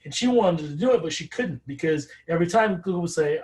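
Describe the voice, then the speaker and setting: A man co-presenting a teacher webinar, speaking in a halting way with repeated words. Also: fairly high pitch, expressive, darkish tone, rough recording.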